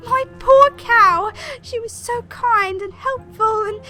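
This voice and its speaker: A woman putting on a shrill wailing peasant woman. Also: takes it slowly, pushed and bright, soft background music, exaggerated voice. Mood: pleading. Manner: wailing, accusing, tearful. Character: shrill hysterical peasant woman mourning her cow.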